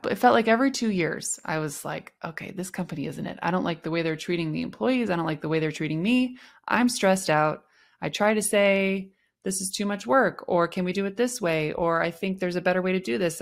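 A woman's voice: on the low side, vocal fry. A young adult woman hosting a podcast, telling a personal work story and acting out the quoted dialogue with shifting tones. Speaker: podcast host.

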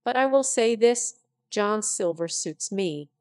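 A woman reading the lines of a calm, sensible male country doctor who speaks in a measured, reasonable way. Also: medium pitch, no echo, studio quality.

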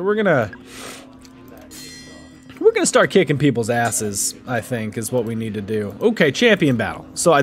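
A man casually commentating his own gameplay, joking and reacting playfully. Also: mid-range voice. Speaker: gaming YouTuber. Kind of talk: casual let's-play commentary.

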